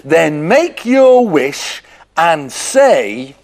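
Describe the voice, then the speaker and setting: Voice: mid-range voice, sing-song, drawn-out words, darkish tone, heavily acted. A presenter playing a bored, simple man who bungles a magic spell in a children's story, sing-song and theatrical. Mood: eager.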